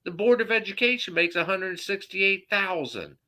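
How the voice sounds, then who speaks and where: Furious cursing man with a sharp voice. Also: sits high, expressive, normal speed, poor audio. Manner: profane, heated, loud outbursts. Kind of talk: angry political rant.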